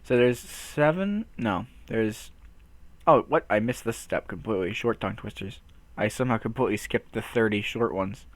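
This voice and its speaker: A man's voice: on the low side, expressive, normal speed, no echo. A man hosting a casual vlog, playfully trying tongue twisters, stumbling, swearing and laughing at himself. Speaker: channel host.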